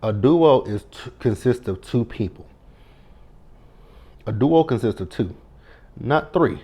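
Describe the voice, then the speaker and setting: A man's voice: medium pitch, lively intonation, slow pace, mellow, husky. A man in his thirties giving a casual reality TV recap, blunt and profane, speaking straight to the cast members and stressing his words. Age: 30s.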